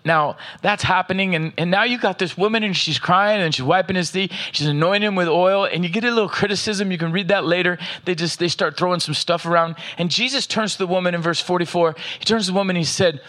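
A man preaching a sermon, reading scripture aloud with slow emphasis and checking in with the congregation. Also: high voice, a bit bright. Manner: asks the audience "are you with me", reads scripture aloud with slow emphasis. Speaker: pastor.

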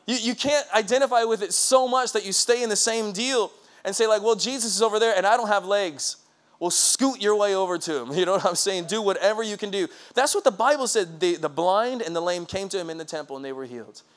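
A man preaching a sermon in a lively, conversational way, laughing and acting out quotes. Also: high voice, brisk. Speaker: pastor.

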